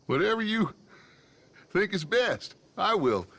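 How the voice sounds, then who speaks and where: A man's voice: sits high, sing-song, slow, vocal fry, fairly bright tone, voice pushed up, heavily acted. A man voicing a mock-obliging male party companion who agrees in an exaggerated, sarcastic sing-song.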